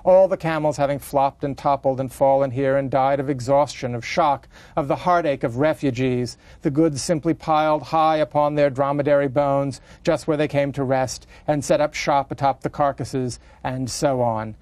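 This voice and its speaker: A man's voice: mid-range voice, fairly even intonation, moderate pace, few pauses, a little mellow, no echo, natural voice. A man reading as a rambling British housewife. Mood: wry rambling. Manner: ornate run-on monologue with self-interruptions. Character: chatty middle-aged British housewife, rambling.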